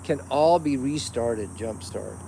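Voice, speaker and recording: A man's voice: medium pitch, slow pace, vocal fry, noisy background. A man hosting a casual livestream, ranting bluntly and preachily, swearing often. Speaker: livestream host. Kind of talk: casual unscripted rant.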